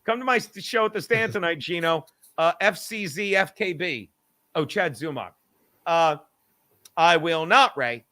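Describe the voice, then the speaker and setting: This middle-aged podcast host, whose voice runs on the high side, keeps a measured pace while hosting a casual comedy show. He's animated, ranting and swearing, arguing with himself and laughing at himself often.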